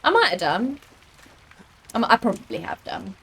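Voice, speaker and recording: A woman's voice: on the high side, big pitch swings, moderate pace, a bit bright. A young British woman streaming a game, chatting casually and rambling with lots of fillers. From United Kingdom. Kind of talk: casual gaming chat.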